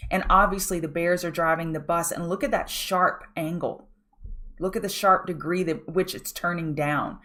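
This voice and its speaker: A woman's voice: lowish voice, fairly even intonation, moderate pace, pushed and bright. A woman hosting a pre-market trading show, walking viewers through charts in a direct, coaching way and often asking them to look at the chart. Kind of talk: live chart analysis walkthrough.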